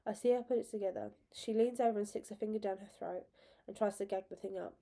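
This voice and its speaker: A woman reading a story aloud with expressive, emotional narration. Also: mid-range voice, quick pace. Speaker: reader.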